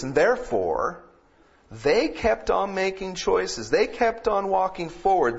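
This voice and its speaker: A man preaching a sermon, moving from calm teaching to loud, emphatic peaks. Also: fairly high pitch, husky, lo-fi sound. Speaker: pastor.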